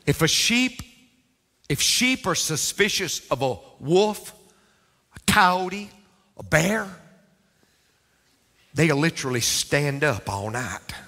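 An older male pastor delivers a sermon in a bright, fairly high voice that leaps and falls dramatically. He swings from hushed to booming at an unhurried pace. His voice rings through a church sanctuary with long reverb. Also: very animated.

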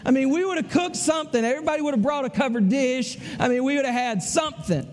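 A man's voice: very high voice, fast talker, big-room sound. A man with a Southern US accent preaching a sermon in a folksy, conversational way, repeating his phrases. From American South.

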